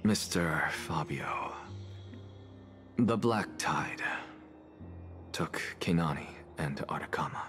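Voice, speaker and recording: An actor playing a solemn male scholar who speaks in a measured, hushed, grave way in game dialogue. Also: rumbling low, animated, soft background music, heavily acted.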